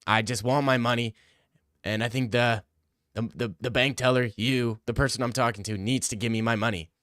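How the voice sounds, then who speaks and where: A man putting on the voice of a self-important sports reporter who keeps announcing himself and demanding things, in a louder, slightly raised voice than his own. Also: medium pitch, fairly even intonation, normal speed, no room sound, clean studio sound, close to an everyday voice. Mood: pompous, demanding.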